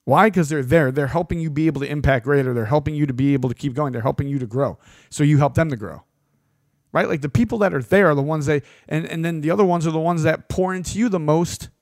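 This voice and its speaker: A man's voice: on the high side, fast talker, darkish tone, dry recording. Rambling motivational man, dry close sound. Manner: rambling, repeats words, frequent "right?". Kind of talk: casual motivational monologue.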